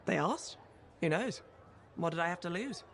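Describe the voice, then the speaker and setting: An actor playing a careless, joking pilot who gambles, in video game dialogue. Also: female voice, fairly low pitch, animated, normal speed, a little hiss or hum. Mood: breezy.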